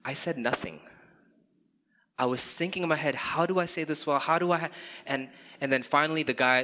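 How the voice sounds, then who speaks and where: A man's voice: mid-range voice, sharp tone. A man, a pastor preaching a sermon in an earnest way and telling candid stories on himself. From Indonesia. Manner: earnest, with candid self-deprecating storytelling. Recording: reverberant hall.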